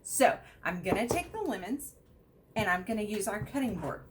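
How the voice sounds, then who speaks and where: A woman's voice: normal speed, background noise. A middle-aged woman casually demonstrating kitchen products to viewers, chatty and upbeat. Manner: chatty, upbeat, lively pitch.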